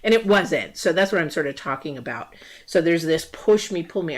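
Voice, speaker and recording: Low-pitched female astrology reader, loose and chatty livestream delivery. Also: animated, fairly quick, few pauses. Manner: rambling, many ums and restarts; acts out quoted voices in story asides. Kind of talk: casual livestream talk.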